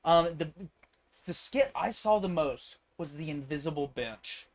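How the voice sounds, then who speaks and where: A man's voice: animated, unhurried. A young man co-hosting a casual podcast, joking, swearing and acting out stories. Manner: joking, acts out quotes in high voices, swears. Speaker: podcast co-host. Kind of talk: casual chat.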